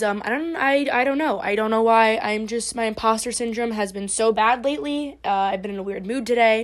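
A tipsy young woman hosting a casual solo podcast, playful and self-mocking, swearing often and shifting between loud outbursts and mumbled asides. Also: on the high side. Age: young adult. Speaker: podcast host.

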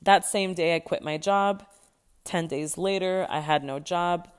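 A woman's voice: lowish voice, a little slow, clear, resonant tone. A young adult woman hosting a podcast, telling her personal story candidly, swearing freely and stressing points through repetition. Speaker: podcast host.

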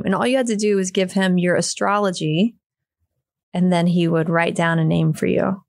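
A woman's voice: fairly low pitch, brisk, vocal fry, no echo. A middle-aged woman, a podcast guest, telling a personal story in casual conversation and acting out the people she quotes. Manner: lively storyteller, acts out quoted voices. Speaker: podcast guest, yoga teacher and therapist.

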